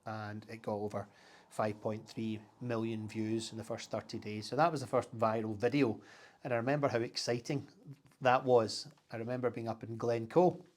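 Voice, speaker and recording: A Scottish man in a casual interview, telling animated stories with laughs and lots of historical detail. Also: fairly low pitch, normal speed. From Scotland. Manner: animated storyteller, laughs while talking, full of historical detail. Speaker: interviewee, content creator. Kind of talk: casual chat.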